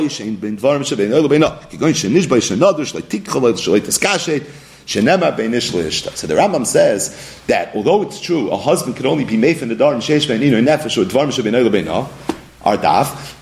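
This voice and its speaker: Animated man teaching a Talmud lesson. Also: medium pitch, vocal fry. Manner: animated, reads source texts aloud with rising emphasis. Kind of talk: Talmud study lecture.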